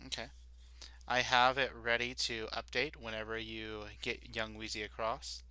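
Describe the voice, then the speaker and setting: A man's voice: mid-range voice, little pitch movement, unhurried, sharp tone, clean tone, dry recording. A man running a tabletop game as dungeon master, narrating casually and laughing often.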